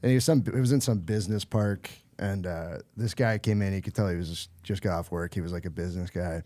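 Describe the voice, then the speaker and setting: Laid-back low-voiced man. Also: quick pace, mellow, no echo. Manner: low-key, laid-back, hesitant with many uhs. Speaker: podcast co-host. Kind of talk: casual storytelling chat.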